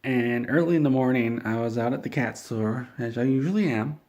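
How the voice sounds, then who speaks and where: A man telling a rambling, deadpan comedic story, meandering and halting with frequent restarts. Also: mid-range voice, slight background noise.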